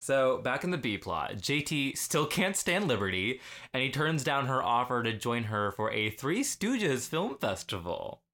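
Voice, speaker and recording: Animated young man hosting a recap podcast. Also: medium pitch, unhurried. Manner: animated, laughing, acts out quotes. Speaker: podcast co-host. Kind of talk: casual recap chat.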